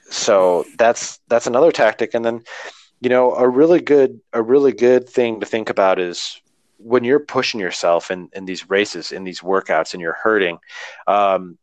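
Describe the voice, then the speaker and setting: A man's voice: lowish voice, no echo. Earnest man rambling about training, dry. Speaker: runner talking about training. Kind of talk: casual podcast conversation.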